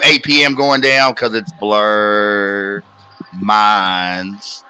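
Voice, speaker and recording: A man's voice: lowish voice, fairly even intonation, extremely slow, sharp tone, slight background noise, poor audio. A man hosting a casual sports talk podcast, plugging his own show with hype announcer delivery. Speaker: podcast host promoting his wrestling show. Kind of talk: casual banter and show plug.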